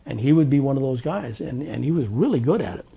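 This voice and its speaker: A man from Washington state tells his memories for an oral history, wry and unhurried, pausing on ums and uhs. His voice is husky with a gravelly rasp at mid pitch. The recording sounds dull and lo-fi. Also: animated. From Tri-Cities, Washington, USA. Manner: unhurried, wry storytelling with many fillers.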